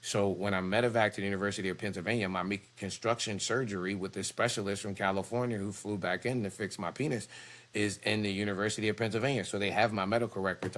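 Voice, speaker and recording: A male preacher, telling a personal story in a heated, profane and animated way. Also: on the low side. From Philadelphia.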